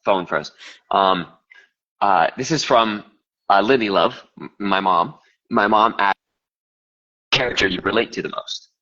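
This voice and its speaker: A man's voice: lowish voice, unhurried, long pauses, bright, forceful tone. A young man, an audiobook narrator, chatting casually from a hotel kitchen over a video call and rambling with lots of fillers. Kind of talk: casual live chat. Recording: lo-fi livestream audio.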